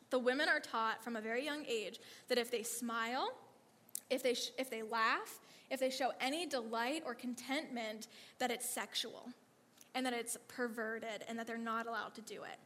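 A woman telling animated ministry stories to a church audience, laughing often and acting out the lines of the people in her stories. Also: on the high side. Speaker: speaker sharing ministry stories. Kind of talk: testimony storytelling to a church audience. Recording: long reverb of a hall.

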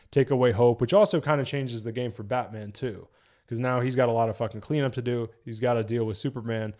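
Animated swearing man reviewing. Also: mid-range voice. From New Jersey. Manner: animated, swearing, quick laughs. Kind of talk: casual live review chat.

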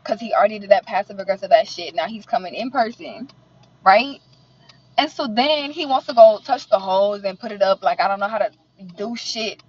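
A woman ranting casually to the camera, profane and indignant, talking fast and animated while sitting in a car. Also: mid-range voice, slightly rough, dull audio. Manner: profane, animated and indignant, mutters affirmations softly. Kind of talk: casual venting monologue.

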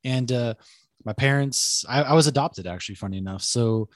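A man's voice: medium pitch, moderate pace, dry recording. A man in his thirties with a Boston accent talks through his life story as a podcast guest. He keeps it loose and profane and laughs easily. His voice sits mid-range, recorded dry and close. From Boston area, USA. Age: 30s. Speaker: podcast guest, military service member. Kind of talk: casual podcast chat.

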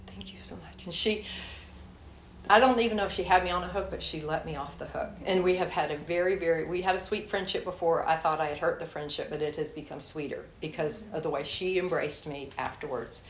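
Woman preaching casual and candid, kinda low voice, roomy echo. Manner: folksy, candid, addresses listeners as y'all. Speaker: speaker teaching a church group. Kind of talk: sermon with personal story. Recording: echoey room, faint hiss.

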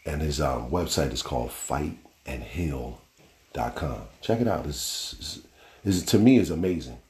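A man's voice: extremely low pitch, lively intonation, unhurried, a little mellow, roomy sound. A man hosting a casual solo podcast, telling stories in a loose, rambling way with slang and the odd curse. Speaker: podcast host.

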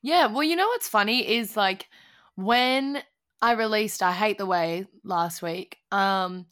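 A woman's voice: medium pitch, slow, fairly bright tone. A young Australian woman musician chatting on a podcast, gushing and emotional, swearing freely and laughing often. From Gold Coast, Australia. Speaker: musician guest. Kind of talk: casual podcast chat.

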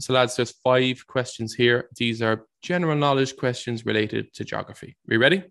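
Male quiz host, gravelly, reads questions and banters. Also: medium pitch, normal speed, a bit bright. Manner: reads trivia questions, jokey. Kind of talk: casual podcast quiz chat.

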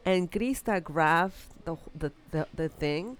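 A woman's voice: fairly low pitch, animated, slow. A mother in casual chat, telling a personal story in an earnest, reflective way, recorded on a close mic.

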